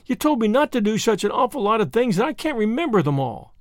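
A man's voice: high voice, sing-song, fast talker, no echo, studio quality, voice pushed up. A man voicing a mischievous small boy who whimpers and pleads. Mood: whimpering.

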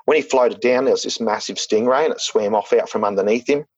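A man's voice: on the low side, fast talker, slightly rough, dry recording, lo-fi sound. A man telling a story in casual talk, rambling with lots of fillers and restarts. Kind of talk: casual spoken anecdote.

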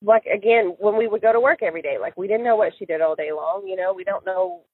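A woman's voice: medium pitch, fast talker, no echo. A woman recalling events in an interview, hesitant, with many fillers and restarts. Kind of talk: casual recorded interview. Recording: tinny phone-line sound, dry.

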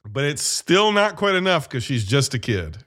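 A man chatting casually about a movie, animated and profane, retelling scenes as he goes. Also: on the high side, moderate pace. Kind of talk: casual movie review chat.

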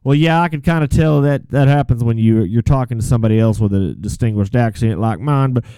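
A man's voice: medium pitch, a little fast, mellow, clear, resonant tone, dry recording, natural voice. A man playing a rambling call-in radio advice host with a put-on Texas drawl, stumbling folksily over his words. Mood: folksy. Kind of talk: comedic call-in radio sketch.

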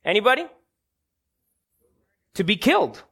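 Male preacher, high, lively voice, unhurried and bright, dramatic sermon delivery. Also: slightly rough. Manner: dramatic, preachy storytelling with rising emphasis.

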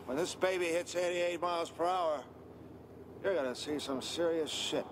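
An actor playing an excitable older male inventor, declaring with emphatic self-assurance, in a film clip. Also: fairly high pitch, normal speed, natural voice. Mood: boastful. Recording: film clip with outdoor street noise.

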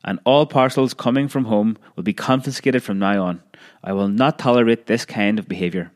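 A man's voice: lowish voice, moderate pace, lightly acted. A man voicing an angry, stern boarding-school headmaster laying down a punishment. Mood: thundering. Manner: thundering, stern.

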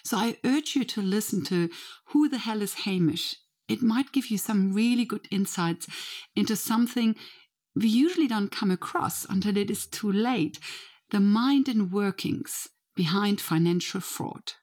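An Australian woman hosting a podcast, earnestly recommending other shows in a measured way. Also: mid-range voice, animated, darkish tone. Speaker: podcast host.

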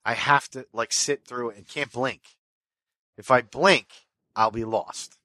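A man's voice: medium pitch, fairly even intonation, unhurried, sharp tone, no room sound. A man co-hosting a casual podcast chat, rambling and swearing, often trailing off and restarting his sentences. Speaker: podcast co-host.

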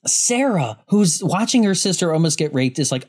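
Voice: mid-range voice, sing-song, moderate pace, darkish tone. A podcast co-host in casual movie discussion, wry and laughing often, acting out quotes.

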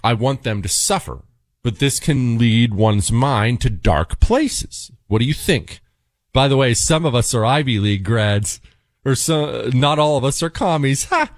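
A male talk radio host delivers blunt, fiery commentary on a studio mic. His pitch leaps and dips as he punches his points, and the sound is close and dry. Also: animated, a little slow, no room sound. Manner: emphatic, fiery and blunt, with rising outbursts. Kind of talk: talk radio commentary reading listener mail.

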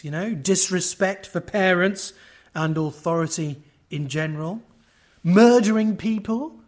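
A man preaching an expository sermon at a conference, emphatic, with wide swings in loudness and wry asides to the audience. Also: high voice.

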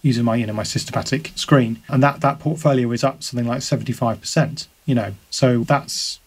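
A man's voice: mid-range voice, brisk, slightly rough. A man as a podcast guest, talking things through in a loose conversational way, often restarting and repeating words as he thinks. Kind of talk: conversational interview.

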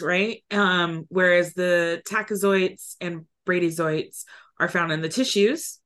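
A woman's voice: lowish voice, fairly bright tone. A woman co-hosting an educational podcast in casual chat, reading notes aloud with giggly asides. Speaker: podcast co-host.

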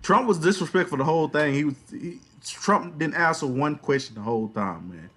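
A man's voice: on the high side, expressive, brisk, pushed and bright. A man in a casual podcast chat, arguing heatedly and tagging his sentences with "man". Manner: heated, argumentative, repeating "man".

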